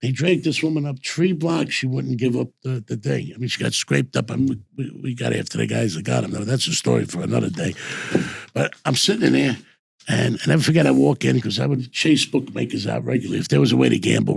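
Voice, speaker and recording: Gravelly older New storyteller man. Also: mid-range voice, expressive, fairly quick. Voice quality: gravelly, husky. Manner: rambling anecdotes with repeated "I says" and restarts. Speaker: host and former bookmaker. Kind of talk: casual storytelling.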